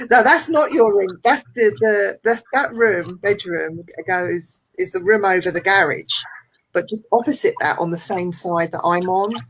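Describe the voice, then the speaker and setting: A husky, slightly breathy woman speaks from home over a video call. She is a chatty, animated guest, laughing easily as she talks. Her voice sits at an ordinary middle pitch. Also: unhurried, poor audio. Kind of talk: casual conversation.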